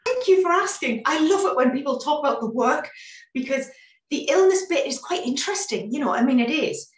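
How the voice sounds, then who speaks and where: A woman in her forties, a guest in a casual interview chat, telling her story in an animated way with many restarts, heard over a video call. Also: high-pitched, a little fast, reverberant, recorded from a distance. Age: 40s.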